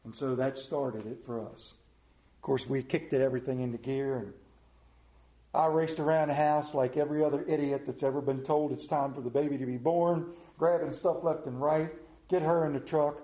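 A man's voice: mid-range voice, steady tone, normal speed, dark tone, echoey room, low-quality recording. A middle-aged man preaching a sermon as a folksy, joking storyteller.

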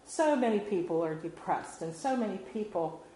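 A woman's voice: mid-range voice, animated, normal speed, mellow. Earnest woman giving an informal sermon. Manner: conversational, earnest, with many fillers. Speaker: lay speaker giving a devotional. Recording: roomy hall with faint background noise.

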